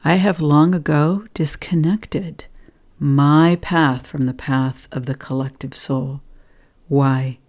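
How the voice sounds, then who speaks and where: Low, mellow-voiced woman. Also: steady tone, slow pace. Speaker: spiritual vlogger. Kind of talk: spiritual talk and personal storytelling.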